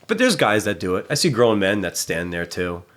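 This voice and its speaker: Low-voiced blunt male gym trainer. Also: sing-song, moderate pace, a bit bright. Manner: blunt, swears freely, acts out people in stories. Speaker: personal trainer and gym staff. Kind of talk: casual podcast conversation.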